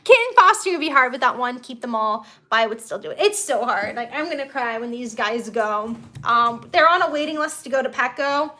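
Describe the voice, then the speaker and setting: Bright-voiced chatty young woman streamer. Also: on the high side, animated, fairly quick, few pauses. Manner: chatty, bubbly, reads viewer chat aloud. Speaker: livestream host. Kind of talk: casual live-stream chat. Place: her bedroom at home.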